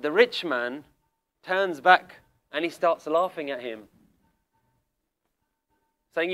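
A man's voice: on the high side, slow, pauses often, a bit bright. A man giving a religious lecture to a seated group, challenging listeners with direct questions and telling a story. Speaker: Sikh lecturer. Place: room with people sitting around.

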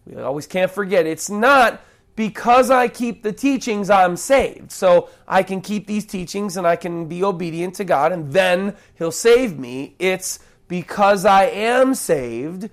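A man, a pastor, giving a sermon. He opens with a hushed, earnest prayer, then teaches in a folksy way, with small jokes and restarts, and slows down to stress key phrases. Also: high voice, expressive.

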